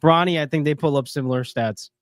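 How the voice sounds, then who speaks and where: A man's voice: on the high side, quick pace, no room sound. A man co-hosting a casual sports podcast, reading out viewer comments and joking bluntly, with a congested nose. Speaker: podcast co-host.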